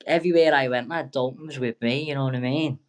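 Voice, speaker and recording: A man's voice: medium pitch, quick pace. A young man, a boxer guest telling rambling, sweary, jokey stories in a casual interview. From England.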